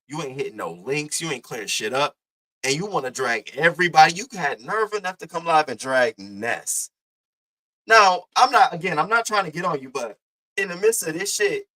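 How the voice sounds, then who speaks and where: Animated, profane man doing drama commentary. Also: low-quality recording. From Baltimore. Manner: profane, animated, reenacts others in pitched-up voices. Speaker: commentary livestreamer.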